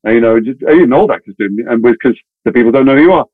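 Fast-talking man on a tinny line. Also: mid-range voice, no echo. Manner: fast, animated storytelling with voiced quotes. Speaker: actor telling stories. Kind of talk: casual anecdote in a podcast interview. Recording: tinny phone-like audio.

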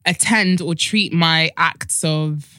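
A woman's voice: sits low, takes it slowly, pushed and bright, no echo, clean studio sound. A young woman, co-hosting a casual chat in a frank, rambling way. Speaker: podcast co-host.

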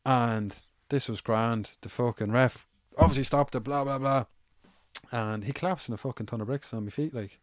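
A man's voice: medium pitch, moderate pace, dry recording, studio quality. An Irish man, an amateur MMA fighter, telling stories in casual, rambling, swear-heavy chat. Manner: swears freely, rambling anecdotal.

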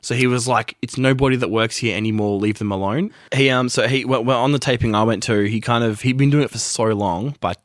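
A man's voice: mid-range voice, fairly quick, hardly any pauses, no echo, clean studio sound. A man chatting casually, telling rambling stories full of fillers and acted-out quotes. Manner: rambling storyteller, many fillers, acts out quotes. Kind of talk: casual chat.

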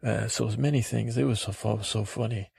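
A man rambling naively through a comic podcast monologue in character, halting often and acting out what others said. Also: lowish voice, steady tone, vocal fry, darkish tone, husky. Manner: acts out quotes in silly voices.

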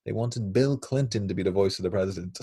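An Irish man co-hosting a podcast in casual chat, talking fast and laughing often. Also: lowish voice, mellow, husky, no room sound. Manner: chatty, laughs often, swears lightly. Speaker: podcast co-host.

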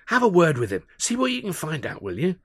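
A man's voice: a little high, wildly swooping pitch, fast, fairly bright tone, husky, pitched above the performer's own voice, exaggerated voice. A man reading the lines of an eager, fussy male theatre company manager who talks in a confiding, coaxing way.

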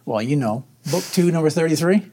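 A man's voice: on the high side, lively intonation, fairly quick, mellow, husky. A man who is a veteran, telling his personal story in an interview in an earnest, upbeat way. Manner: earnest, upbeat, acts out his own inner voice.

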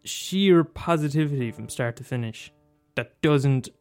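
A man's voice: mid-range voice, measured pace, darkish tone, faint music behind. A man talking casually about a favourite film, rambling and restarting, swearing and laughing as he goes. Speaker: film commentator. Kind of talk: casual monologue.

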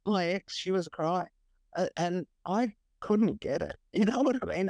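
A woman's voice: lowish voice, normal speed, a little mellow, no echo. A woman guest on a podcast interview, speaking bluntly and matter-of-factly and laughing at herself. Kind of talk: casual interview chat.

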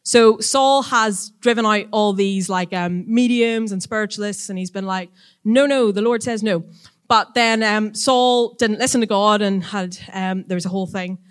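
A woman teaching a church audience in a casual, chatty sermon, lively and quick to act out voices when retelling stories. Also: medium pitch, clear, resonant tone.

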